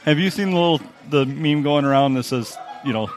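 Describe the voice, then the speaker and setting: A man's voice: on the high side, brisk. A man co-hosting a casual comedy podcast, telling wry, morbid stories in banter. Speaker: podcast co-host.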